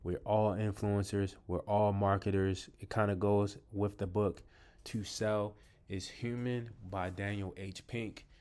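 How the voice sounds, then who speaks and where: A man with a fairly low voice talks casually to his viewers about books he loves. He rambles, fills pauses with ums and restarts his sentences. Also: little pitch movement, darkish tone, clean tone. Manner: addresses viewers as "you guys". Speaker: vlogger reviewing books. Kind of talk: casual talk to camera.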